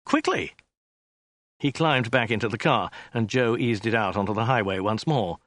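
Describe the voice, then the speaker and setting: A man's voice: fairly low pitch, brisk, fairly bright tone, no echo. A man narrating an audiobook in a dry, wry storytelling manner. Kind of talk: scripted narration.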